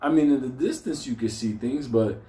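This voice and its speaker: In an echoey room, a man with a mid-range voice tells a comic personal story at a moderate pace. He's animated, swears constantly, and laughs often.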